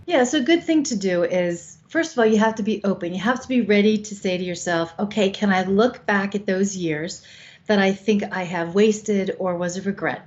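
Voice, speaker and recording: A woman's voice: mid-range voice, moderate pace, a little mellow. A woman over fifty co-hosting a show, giving frank, coaching advice with casual swearing. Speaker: co-host. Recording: slightly dull lo-fi sound.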